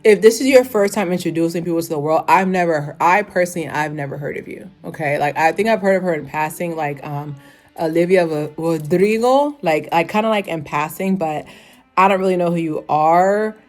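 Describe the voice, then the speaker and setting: Woman, 30s, lower-pitched voice, casual rambling reviewer. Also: brisk, soft background music. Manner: rambling, full of "like", laughs often. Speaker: fashion show reviewer.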